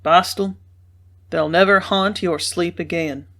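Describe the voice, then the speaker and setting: A woman's voice: fairly low pitch, fairly even intonation, slow, fairly bright tone. A woman doing a weary, stern young rider. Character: weary, tight-lipped young male rider.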